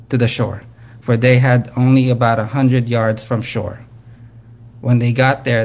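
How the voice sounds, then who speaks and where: A man reading a Bible passage aloud at a steady, measured pace, with an occasional slip. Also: medium pitch. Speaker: scripture reader.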